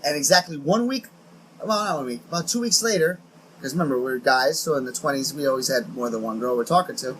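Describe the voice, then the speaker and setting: A man co-hosting a podcast, telling a dating story in a casual, animated way and acting out the quotes with laughter. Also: medium pitch, fast talker, a little hiss or hum, rough recording. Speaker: podcast co-host.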